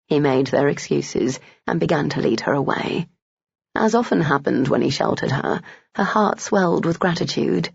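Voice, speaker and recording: Reading a romance novel aloud, this measured narrator has an expressive, gravelly and husky voice of medium pitch. The audio sounds dull and lo-fi, completely dry with no room sound.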